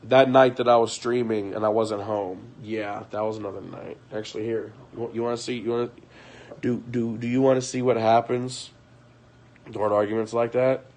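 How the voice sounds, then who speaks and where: A man's voice: on the low side, flat delivery, normal speed, a little mellow. A young man telling a personal story on a livestream in a rambling way, acting out what others said. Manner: rambling, frequent fillers, acts out quoted voices. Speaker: streamer.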